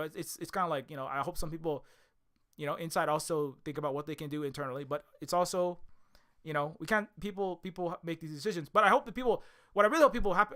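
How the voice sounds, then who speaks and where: Fired-up high-voiced man ranting. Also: a bit bright. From Hawaii. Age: young adult. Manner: rambling, emphatic, swears often, many restarts. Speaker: video creator. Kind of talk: casual monologue.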